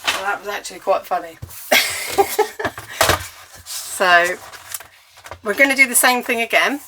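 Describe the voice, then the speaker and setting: A woman's voice: mid-range voice, normal speed, background noise. An English woman giving a chatty, step-by-step cardmaking tutorial while she works at her crafting table.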